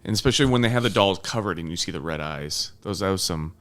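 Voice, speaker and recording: A man's voice: low voice, lively intonation, fast, a bit bright. A man co-hosting a film review podcast in casual chat, laid-back and frank, often chuckling between his points. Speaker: podcast co-host.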